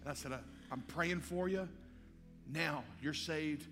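Male pastor, lively storyteller, slightly high voice, live hall reverb. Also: unhurried. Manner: animated storyteller acting out dialogue. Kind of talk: sermon storytelling. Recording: live hall with long reverb and faint music.

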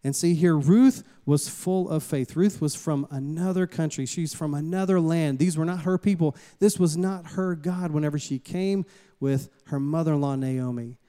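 Preacher with a smooth, mellow voice. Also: male voice, fairly high pitch, normal speed. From Southern United States. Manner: lively storytelling preacher who calls out to the congregation. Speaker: pastor. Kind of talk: sermon. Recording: long hall reverb.

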